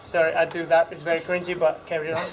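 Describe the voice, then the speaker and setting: A man's voice: a little high, level tone, fast talker, a little hiss or hum. Chatty male school podcast host. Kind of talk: casual podcast hosting. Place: school library lounge.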